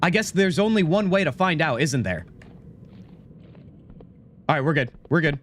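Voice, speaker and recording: A man live-streaming a game, chatting with his viewers in an animated, mock-indignant, joking way into a desk microphone. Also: on the high side, moderate pace, slight background noise. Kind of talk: casual gaming live stream, talking to chat.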